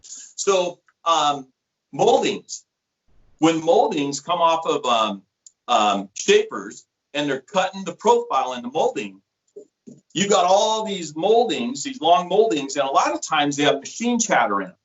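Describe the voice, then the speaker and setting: In a lo-fi recording, a middle-aged sales rep speaks at a measured pace with a voice on the high side. His casual interview blends storytelling and product explanation, and he livens it up by acting out the quoted voices.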